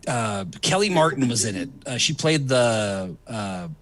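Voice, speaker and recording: A man's voice: mid-range voice, lively intonation, measured pace, fairly bright tone. A middle-aged man hosting a casual comedy chat, rambling with fillers and laughing often. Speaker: host.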